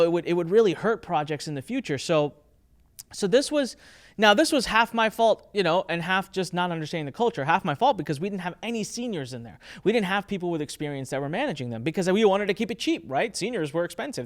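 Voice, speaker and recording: A man in his thirties telling a candid story about running a business, acting out the people he quotes. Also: brisk. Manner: animated, acts out quoted people with shifting pitch.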